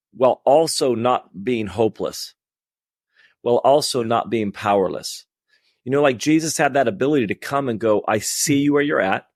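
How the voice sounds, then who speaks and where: A man's voice: mid-range voice, no echo, clean studio sound. A man hosting a casual faith conversation over a video call, reflective and questioning, stumbling over restarts. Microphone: computer microphone on a video call.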